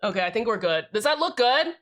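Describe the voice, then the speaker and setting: Bright-voiced young woman chatting on stream. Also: on the high side, big pitch swings, fast talker. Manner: rambling, self-interrupting, swears freely, reads and answers chat. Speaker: livestreamer. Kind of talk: casual livestream chat while building a keyboard.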